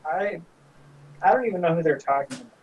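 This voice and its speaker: A man playing a tabletop game as a player, reacting in quick bursts. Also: fairly high pitch, expressive, recorded from a distance, slight background noise, rough recording.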